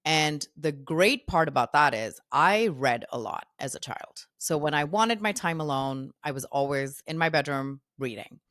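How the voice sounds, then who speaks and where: A woman in her thirties tells stories in a low voice and acts out what people said to her. The sound is close and dry, with no room in it. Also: moderate pace, few pauses, dry recording. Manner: animated, quotes herself and others in lively voices. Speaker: podcast guest, founder. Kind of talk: casual storytelling interview.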